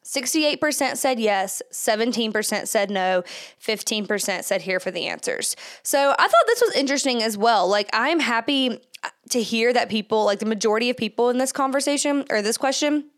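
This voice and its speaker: A woman's voice: on the high side, animated, normal speed, clear, resonant tone. A woman hosting a casual solo podcast, chatty and full of fillers, slightly out of breath with a stuffed-up nose. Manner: chatty, filler-heavy, laughs often. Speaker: podcast host.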